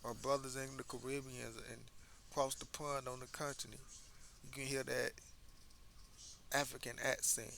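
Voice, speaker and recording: Man, gravelly edge, bright tone, emphatic casual commentary, faint background hiss. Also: mid-range voice, level tone, normal speed, pauses often. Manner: conversational, emphatic, repeats words when restarting. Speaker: commentary host. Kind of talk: casual social commentary monologue.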